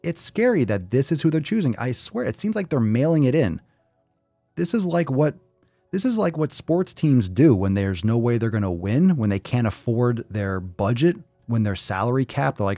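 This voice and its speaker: A man's voice: mid-range voice, expressive, moderate pace, mellow, dry recording, faint music behind. A man hosting his own show, ranting in casual commentary, emphatic and profane, repeating words to drive his point. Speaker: podcast host.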